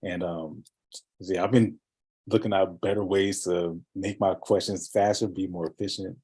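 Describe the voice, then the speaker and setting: A man's voice: low voice, fairly even intonation, normal speed, darkish tone, breathy edge. A man in a casual coaching chat, talking with energy and emphasis.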